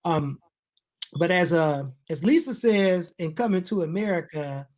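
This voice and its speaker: A co-host on a video call who talks in an animated, joking, colloquial way. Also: medium pitch, unhurried. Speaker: co-host, ministry worker. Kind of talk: casual online talk show.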